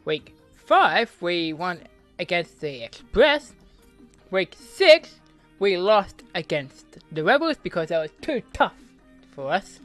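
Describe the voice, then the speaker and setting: An Australian man hosting a gaming channel, giving excitable mock sports commentary on his own match and cheering loudly. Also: high-pitched, slow, faint music behind. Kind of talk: self-commentary while playing a video game.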